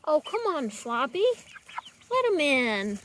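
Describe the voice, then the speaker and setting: Very high sing-song woman coaxing chickens. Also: very animated, takes it slowly, a little hiss or hum. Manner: coaxing sing-song baby talk to animals. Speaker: backyard chicken keeper. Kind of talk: casual vlog narration while herding chickens. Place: outdoors by a chicken coop.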